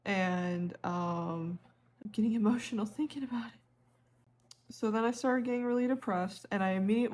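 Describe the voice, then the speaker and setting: A woman crochet vlogger telling a story to camera in a rambling, animated way, often stopping to correct herself. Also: mid-range voice. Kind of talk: casual storytelling vlog.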